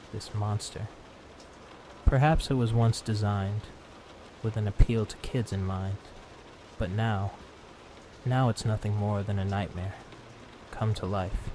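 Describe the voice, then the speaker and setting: A man narrating a horror story in a calm, slow, hushed tone, meant for falling asleep. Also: on the low side, noisy background. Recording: steady rain sound behind.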